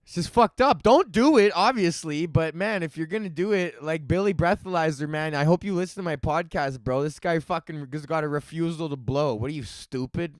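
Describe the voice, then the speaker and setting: A man's voice: on the high side, brisk, few pauses, no echo, clean studio sound. A man hosting a solo comedy podcast, crude and joking, often laughing as he rants. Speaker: podcast host.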